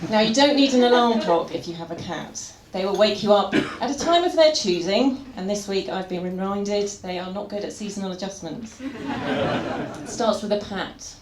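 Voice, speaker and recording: A woman's voice: medium pitch, normal speed. A woman doing a live stand-up set in a comedy venue, wry and full of puns, chatting with the audience. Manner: wry, pun-heavy, chats with the audience. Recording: echoey venue with crowd noise.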